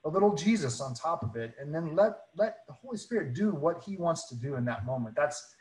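Earnest male speaker, higher voice, chatty testimony full of restarts, in a roomy space. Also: lively intonation, a little fast. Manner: earnest, many restarts and repeated words. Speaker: guest speaker. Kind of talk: casual faith storytelling.

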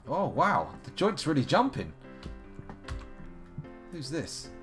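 A man's voice: fairly high pitch, huge pitch swings, slow pace, fairly bright tone. Guy streaming a farming game, chatty and wry, voice jumps around a lot, game music behind. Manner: chatty, wry, talks to himself while playing. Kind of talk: casual live gameplay commentary.

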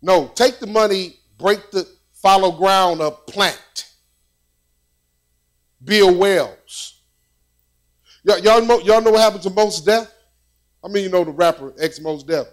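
High-voiced man preaching conversationally. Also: takes it slowly, pauses often. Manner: conversational preaching with repetitions and storytelling. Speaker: pastor. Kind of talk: sermon.

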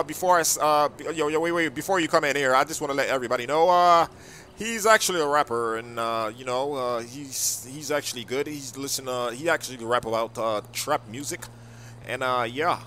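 A man playing a teacher in a game role-play, hesitant and full of pauses and restarts. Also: on the high side, bright, forceful tone, a little hiss or hum.

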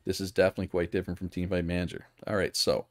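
Low-voiced man streaming a strategy game. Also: flat delivery, rapid-fire, no echo. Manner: casual, thinking aloud, reads chat and answers viewers. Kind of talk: live gameplay commentary.

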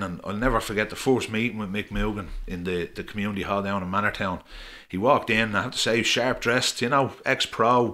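A man's voice: lowish voice, pushed and bright. A middle-aged Irish man telling rambling, chatty anecdotes as a podcast guest, with frequent fillers. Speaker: podcast guest, former referee. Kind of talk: casual storytelling.

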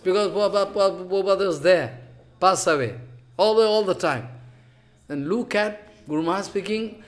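A man giving a devotional sermon as a spiritual teacher, in halting, repetitive phrases with emphatic rises and sudden soft drops. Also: sits high.

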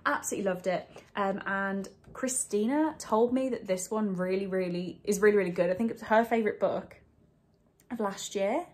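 A woman's voice: mid-range voice, moderate pace, darkish tone. A young woman talking casually to camera from home about books, in a rambling, apologetic way. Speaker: book vlogger. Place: home, indoors.

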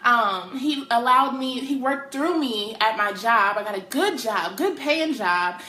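A young adult woman sharing a personal faith testimony with excited emphasis and casual slang. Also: a little high, measured pace. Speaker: testimony speaker. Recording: echoey room.

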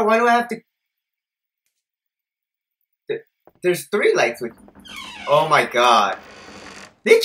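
A young man commentating a horror video game, jumpy and profane, swinging between low mutters and shouted panic. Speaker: gameplay streamer.

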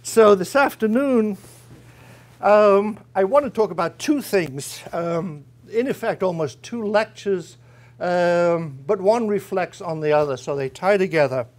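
A man's voice: high-pitched, a little slow. A man giving an academic guest lecture, conversational and wry, with frequent small hesitations. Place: university lecture room.

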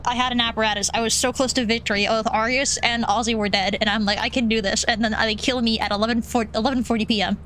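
Bright-voiced young woman streamer, swearing. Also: fairly high pitch, slight background noise. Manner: swearing, laughing often, quick and excitable. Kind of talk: casual gaming chat.

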